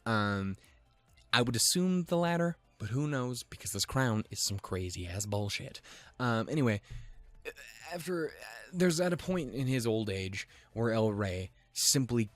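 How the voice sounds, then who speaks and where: A young man recapping an animated episode in casual, rambling commentary, swearing freely and wandering into jokey asides. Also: mid-range voice, measured pace, no echo, soft background music. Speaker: video reviewer.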